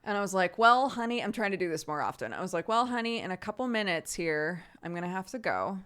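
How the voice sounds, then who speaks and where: A woman streaming to her viewers in a casual chat, telling stories with lively laughter and acting out the voices of others. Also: mid-range voice, fast, clean tone. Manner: animated storytelling, frequent laughter; acts out quoted voices while retelling.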